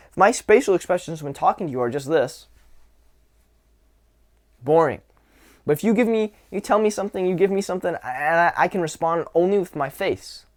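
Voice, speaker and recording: A man coaching on social skills in a casual instructional talk, relaxed and grounded, slowing his words for emphasis. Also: high-pitched. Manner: demonstrative, swings from whisper to loud to show vocal dynamics; relaxed, grounded, drawn-out delivery with sighs.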